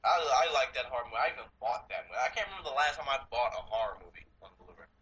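A man's voice: medium pitch, animated, rapid-fire, pushed and bright, dull audio, a little hiss or hum. A man co-hosting a podcast, chatting casually about movies, rambling, swearing and laughing often. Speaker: podcast co-host.

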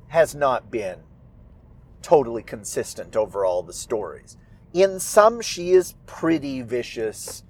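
A man, an author, talking reflectively about his stories, with halting, wandering phrasing. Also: mid-range voice, darkish tone. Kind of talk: reflective solo talk.

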